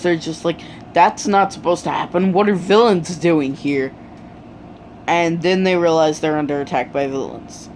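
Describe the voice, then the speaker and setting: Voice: medium pitch, a little hiss or hum. A speaker casually retelling a fan story, rambling with many fillers.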